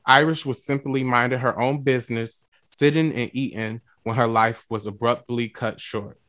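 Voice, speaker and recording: A man hosting a music and talk radio show, lively and playful, with slang and drawn-out emphasis. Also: medium pitch, no room sound.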